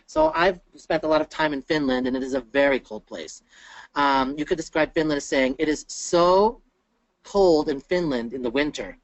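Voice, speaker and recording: A teacher giving an online grammar lesson who explains patiently and slows down to say each example sentence. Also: medium pitch, no room sound. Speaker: English teacher presenting a webinar. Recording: dull, lo-fi webinar audio.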